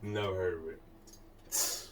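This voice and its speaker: Low-voiced male interviewer, murmured short answers, far from mic in heavy noise. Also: fairly even intonation, slow pace. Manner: quiet, brief replies and murmured agreement. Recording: distant mic with loud clicking noise.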